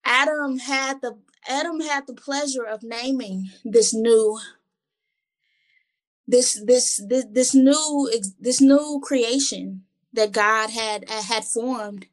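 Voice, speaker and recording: Slow, high-voiced woman reading scripture. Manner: earnest, slow, repeats words as she gathers thoughts. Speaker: Bible study co-host. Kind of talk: conversational Bible reading and reflection.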